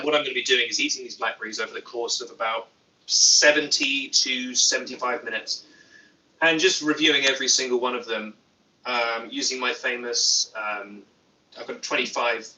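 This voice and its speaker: A man's voice: mid-range voice, bright, forceful tone, roomy sound, recorded from a distance, a little hiss or hum, low-quality recording. A young British man hosting a casual livestream, reading chat aloud with dry, self-mocking humor. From Britain. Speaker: YouTube host. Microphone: phone.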